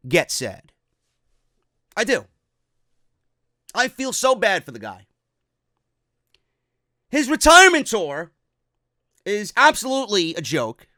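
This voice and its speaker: A man's voice: high voice, sharp tone, no echo, studio quality. A man hosting a wrestling podcast, ranting in a profane, rambling, comedic way. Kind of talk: comedic rant.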